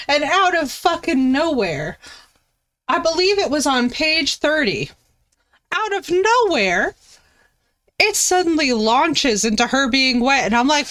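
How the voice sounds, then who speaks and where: Woman streamer, slightly high voice, lively, profane storyteller. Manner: animated, swearing, laughing storyteller with big pitch jumps. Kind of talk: casual chat.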